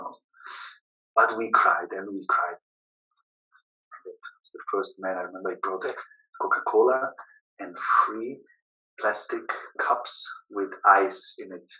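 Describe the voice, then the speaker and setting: Man telling his story in halting English. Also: on the low side, bright, forceful tone, distant mic. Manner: emotional, halting, with broken English grammar. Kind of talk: personal storytelling. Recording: echoey room, voice away from the mic.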